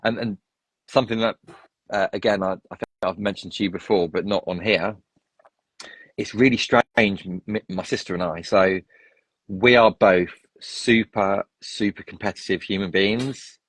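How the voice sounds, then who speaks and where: A man with a lowish voice tells long stories in a casual interview. He rambles, starts sentences over and wanders off on tangents. His voice is recorded dry and close. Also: steady tone, moderate pace, breathy edge, dry recording. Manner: rambling, full of restarts and tangents. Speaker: interview guest. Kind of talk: casual storytelling.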